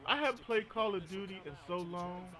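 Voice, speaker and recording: A man's voice: high-pitched, a little fast, fairly bright tone. A man streaming a video game, chatting casually, joking and telling stories. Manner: joking, storytelling, frequent laughter. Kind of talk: casual gaming commentary.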